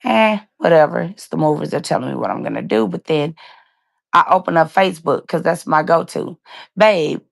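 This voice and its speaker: A woman's voice: low-pitched, normal speed, creaky, dry recording. A woman around forty, hosting a live stream, telling a painful personal story in a candid, casual way and speaking straight to her listeners. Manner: casual, emotional, speaks straight to listeners with "y'all" and "you guys".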